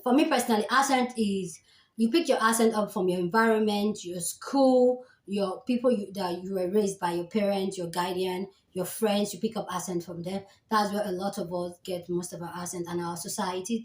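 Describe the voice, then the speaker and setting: A woman's voice: mid-range voice, moderate pace. Nigerian woman commenting in an echoey room. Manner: calm, explanatory, thinking aloud. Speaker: reaction video host. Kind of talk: casual commentary.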